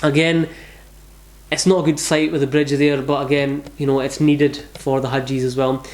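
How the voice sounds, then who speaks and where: Speaking at a moderate pace with a flat delivery and medium pitch, a male travel vlogger offers earnest, devout pilgrimage advice. His casual talk is repetitive, and the recording has an echoey room sound.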